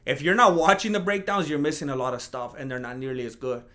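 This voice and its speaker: Rambling, animated man hosting a podcast. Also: quick pace. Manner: rambling, animated, mocks imagined critics in a higher voice. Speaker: podcast host. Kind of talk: casual solo podcast chat.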